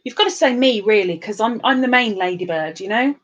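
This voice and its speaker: A woman's voice: mid-range voice, animated, brisk, muffled recording. A woman with a sore throat, chatting casually and self-mockingly on a livestream as she reads out viewer comments. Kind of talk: casual chat.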